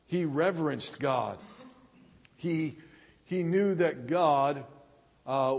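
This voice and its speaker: A man preaching a sermon, earnest and repetitive, pausing and restarting as he builds his points. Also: a little high, husky, long reverb tail. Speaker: pastor.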